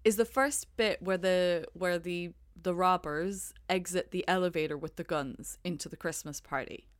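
Young woman, lowish voice, casual podcast chat, rambling restarts, dry close mic. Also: steady tone, normal speed, no room sound. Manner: rambling, hesitant restarts, laughing. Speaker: podcast co-host.

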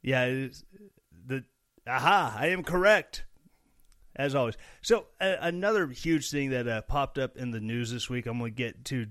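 A man's voice: medium pitch, moderate pace, smooth, no room sound, studio quality. A young man from Missouri hosting a casual solo podcast, rambling and joking with sarcastic asides. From Missouri, USA. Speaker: podcast host.

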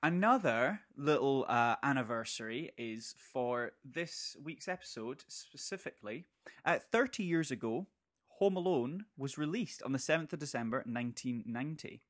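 A man co-hosting a podcast in casual chat, with a slight lisp from tooth pain and a habit of laughing and quick asides. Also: medium pitch, animated, fairly bright tone. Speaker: podcast co-host.

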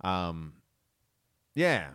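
A man's voice: low voice, very slow, clean tone. A young man with an American accent, originally from Boston, chatting animatedly on a podcast. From Boston, USA. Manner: animated, jokey storytelling. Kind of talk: casual podcast chat.

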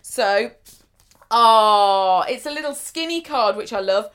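A woman's voice: mid-range voice, expressive, takes it slowly, fairly bright tone. A woman co-hosting a podcast, chatting casually and rambling through stories with frequent giggles. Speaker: podcast co-host. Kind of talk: casual chat.

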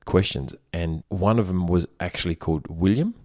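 A man's voice: low-pitched, normal speed, darkish tone. A man co-hosting a podcast in casual chat, joking around and telling rambling stories. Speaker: podcast co-host.

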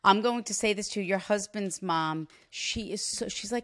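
Woman psychic medium, animated reading, gasps, even middle pitch. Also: normal speed. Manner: animated, gasping, relays spirit messages.

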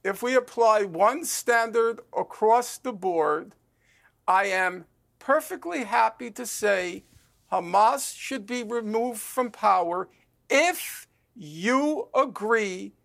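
Slow, gravelly man pressing his point. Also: high-pitched, expressive, a bit bright. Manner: slow, insistent, presses the host to answer. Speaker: debate guest. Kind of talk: televised debate.

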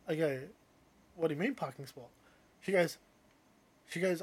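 A young man tells a story in a relaxed, chatty way. His voice sits a little high, and he grows loud and lively when he acts out what other people said. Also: moderate pace, long pauses, breathy edge. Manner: animated, rising loud when quoting others. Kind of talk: casual storytelling.

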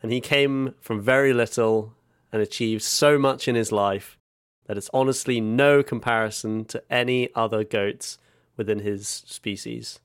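A man's voice: on the low side, fairly even intonation, moderate pace, smooth, no echo, clean studio sound. A man co-hosting a comedy podcast, telling a story in a mock-grand way and swearing as he laughs. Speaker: co-host. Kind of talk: comic podcast chat.

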